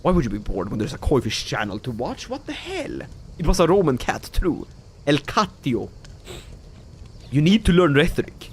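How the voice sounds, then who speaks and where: Lively, jokey Swedish man streaming. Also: fairly high pitch, normal speed, slight background noise. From Sweden. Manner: animated, jokey, laughs often, talks to chat. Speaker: game streamer. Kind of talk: casual livestream game commentary.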